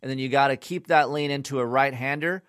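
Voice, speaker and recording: A man's voice: mid-range voice, fairly even intonation, fast, a bit bright, smooth, no room sound, studio quality. A man giving a casual, rambling motocross bike review, blunt and often profane.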